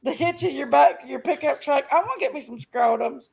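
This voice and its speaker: A woman's voice: sits high, a little fast, vocal fry, a little mellow, a little hiss or hum. A woman joining a livestream as a guest, trading crude, teasing banter with the host. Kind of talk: casual livestream talk.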